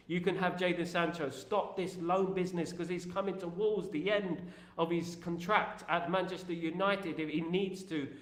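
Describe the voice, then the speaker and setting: A man's voice: a little high, steady tone, normal speed, fairly bright tone, roomy sound. A man hosting a football fan channel, chatting casually on a live stream and reading out viewer messages in a repetitive, joking way full of filler phrases.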